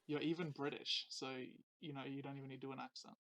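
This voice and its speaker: A man's voice: mid-range voice, flat delivery, fast talker, fairly bright tone, rough recording. A man hosting a casual podcast, asking curious, teasing questions of his guest. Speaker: podcast host.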